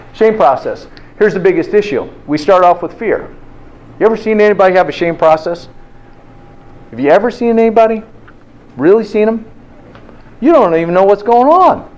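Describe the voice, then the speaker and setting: A man's voice: high voice, moderate pace, long pauses, highs cut off. A man hosting a motivational health talk, telling stories and firing rhetorical questions at his listeners. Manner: lively storyteller with rhetorical questions.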